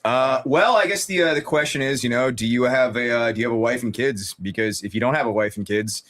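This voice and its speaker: A man's voice: medium pitch, brisk. A man hosting a live-stream podcast, talking casually with heavy swearing and frequent laughter. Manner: profane, animated, laughs often. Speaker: podcast host.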